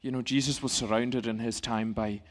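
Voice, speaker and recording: A middle-aged male pastor giving a sermon in a church, in a calm, gentle, conversational way. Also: mid-range voice, moderate pace.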